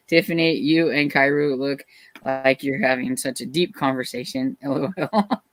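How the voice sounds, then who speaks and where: A woman's voice: rumbling low, expressive, moderate pace, gravelly. A woman co-hosting a casual book livestream, reading viewer comments aloud and laughing often.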